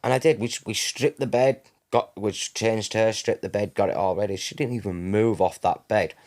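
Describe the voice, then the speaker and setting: A man in his thirties with a fairly low voice tells a long personal story. He rambles, corrects himself as he goes, and acts out what each person said. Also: moderate pace, a little mellow. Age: 30s. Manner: rambling, self-correcting, acts out quoted dialogue. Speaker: guest.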